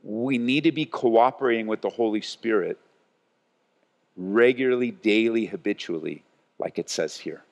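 A male pastor preaching a sermon, swinging between loud and hushed delivery. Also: on the low side, moderate pace. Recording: long church hall reverb.

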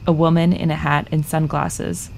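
A woman calmly narrating a scripted piece of narrative journalism. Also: low voice, moderate pace, vocal fry, a little hiss or hum.

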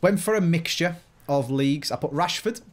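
A man with a Scouse accent from Liverpool, chatting casually as a guest player, thinking out loud and laughing easily. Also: fairly high pitch. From Liverpool, England. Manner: chatty, self-questioning, quick to laugh. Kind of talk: casual gaming chat.

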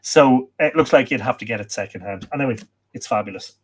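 Irish male livestream host, medium pitch, casual and rambling, reads chat aloud. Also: fast, a little hiss or hum. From Ireland. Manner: chatty, reads viewer comments aloud, many fillers.

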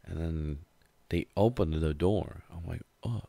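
A man's voice: low-pitched, a little slow, creaky, warm tone, no room sound. A young man telling a casual, rambling story with heavy swearing and a laid-back way of talking.

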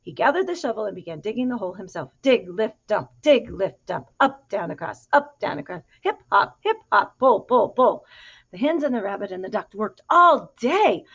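Animated woman reading a picture book aloud. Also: mid-range voice, normal speed, husky. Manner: animated and expressive, asking the listener questions. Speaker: storyteller reading to a child. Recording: dull lo-fi recording.

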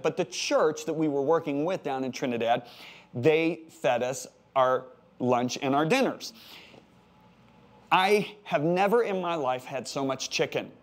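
Animated older American pastor teaching. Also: male voice, medium pitch. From United States. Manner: animated, repeats words for emphasis, jokey asides. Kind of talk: sermon-style Bible teaching.

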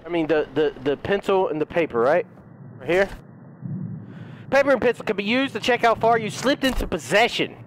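Man, very high voice, brash profane game commentary, faint background hiss. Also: expressive. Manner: brash and profane, quick reactions. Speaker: gaming streamer.

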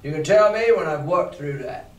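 A rough, bossy old sea captain from a storybook, read out by a male teacher. He barks his orders in a gruff, commanding way. The voice sounds roomy and distant, as if picked up from across a classroom. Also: a little high, lively intonation, normal speed, close to an everyday voice. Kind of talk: reading a novel aloud to a class. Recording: roomy classroom, mic far off.

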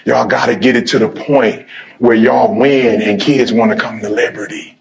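A middle-aged man giving a motivational speech to a sports team, switching between fiery shouted exhortation and laid-back storytelling. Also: medium pitch, fairly even intonation, moderate pace, vocal fry. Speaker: motivational speaker.

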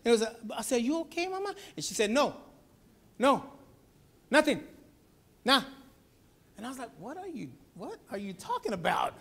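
Lively animated man preaching a sermon. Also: extremely high pitch, normal speed, gravelly, pauses often, husky. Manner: animated storytelling, acts out voices. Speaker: pastor.

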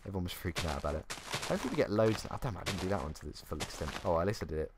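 Young gamer, low voice with bouncy intonation, self-mocking running commentary. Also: male voice, very animated, racing, noisy background. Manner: chatty, self-mocking, thinking aloud. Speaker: gaming YouTuber. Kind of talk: casual gameplay commentary. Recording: faint keyboard clicks.

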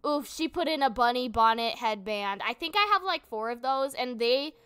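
A woman's voice: a little high, animated, moderate pace, fairly bright tone, clear, resonant tone. A young woman casually commenting on her gameplay, chatty and giggly, thinking aloud as she goes. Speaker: gaming channel host.

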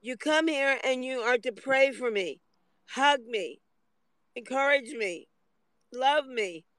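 A man's voice: very high-pitched, expressive, slow, fairly bright tone, clean tone, dry recording, rough recording. A man rambling through a livestream monologue from a parked car in the hot sun, complaining and aggrieved, at times tearful.

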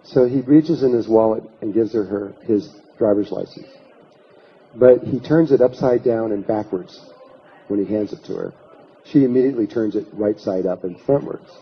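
A man with a lowish voice, speaking at normal speed, delivers a storytelling lecture to an audience, recounting an anecdote and voicing what others said himself. The lecture recording is slightly muffled, with a little hiss or hum.

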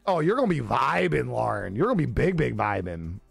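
A man's voice: mid-range voice, big pitch swings, measured pace, gravelly, husky, no echo. Young guy streamer, loose and jokey, lots of cursing, dry close mic. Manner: laid-back, joking, swears a lot, laughs often. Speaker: live streamer. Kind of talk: casual live-stream chat reading viewer comments. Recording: dry close-mic with faint music behind.

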